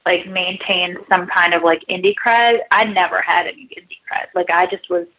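A woman's voice: fairly low pitch, moderate pace, sharp tone, breathy edge, rough recording. A woman guest writer in her thirties, chatting casually and self-mockingly, full of "like" and asides. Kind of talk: casual podcast interview.

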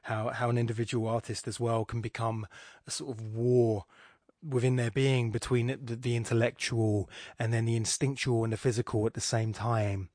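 A man's voice: mid-range voice, flat delivery, moderate pace, a little mellow, no echo, studio quality. A man hosting a poetry podcast, reading a poem aloud and talking about it in a rambling, digressive way that keeps interrupting itself. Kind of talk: casual commentary and poetry reading.

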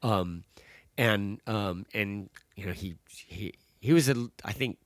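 A man's voice: lowish voice, takes it slowly, no room sound, clean studio sound. A man casually telling a long story about a hike, with many fillers and restarts. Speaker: guest, father telling a hiking story.

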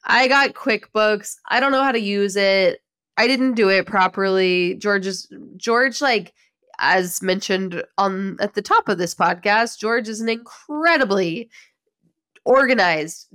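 A woman in her thirties hosts a podcast in a loose, casual solo chat. She tells stories in an animated, chatty way and breaks into laughter often. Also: medium pitch, clean tone. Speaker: podcast host.

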